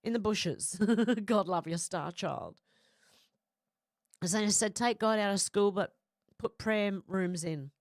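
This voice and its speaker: A woman's voice: mid-range voice, slow, long pauses, no echo, clean studio sound. A woman who has a cold and a runny nose, chatting casually on a livestream and reading out viewer comments with frequent apologies.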